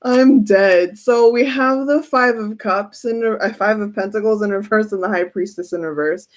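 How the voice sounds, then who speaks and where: Slow-talking giggly woman tarot reader. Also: mid-range voice. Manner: giggly, often breaks into laughter. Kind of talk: casual live tarot reading.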